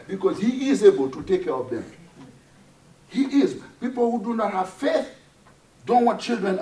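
A middle-aged man from Haiti preaching a sermon, repeating phrases and swinging between loud emphasis and quiet asides. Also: high voice, animated, moderate pace, pauses often, husky.

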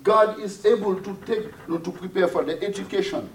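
Man from Haiti, middle-aged preacher, fairly high voice, emphatic, repetitive, swings loud and soft. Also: a little fast, a little hiss or hum. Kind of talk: sermon.

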